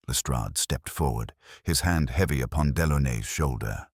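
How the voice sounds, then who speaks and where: Very deep-voiced male narrator. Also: creaky, husky, no echo, clean studio sound. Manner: measured storytelling. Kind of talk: scripted narration.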